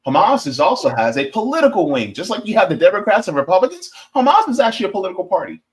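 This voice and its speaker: A man's voice: high voice, big pitch swings, racing. An American man, a guest on a casual political chat, explaining his points with hesitant restarts and little stories. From United States.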